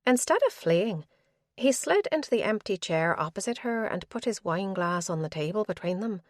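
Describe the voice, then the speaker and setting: A woman narrating a mystery audiobook in a measured, even way. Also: mid-range voice, dry recording, studio quality.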